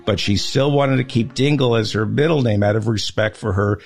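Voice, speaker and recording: A man's voice: lowish voice, normal speed, faint music behind. A man hosting a podcast, running a mock quiz and teasing his guest. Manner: teasing quizmaster. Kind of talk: casual podcast banter.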